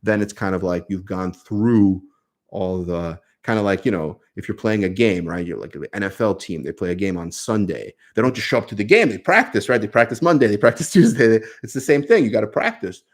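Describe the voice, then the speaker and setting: A man's voice: on the low side, lively intonation, brisk. A man with a New York accent, a lawyer answering viewer questions on a casual live stream, speaking conversationally with many fillers.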